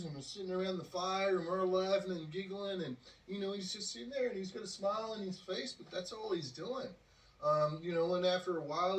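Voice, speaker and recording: A podcast host with a voice on the high side rambles through a casual story, full of fillers and acted-out quotes. The sound is roomy and distant from the mic.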